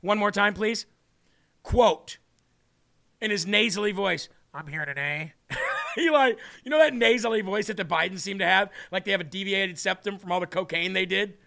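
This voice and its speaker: A man's voice: sits high, moderate pace, gravelly, bright, forceful tone. A male political talk show host giving sarcastic, mocking commentary with frequent laughter. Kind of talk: opinionated commentary.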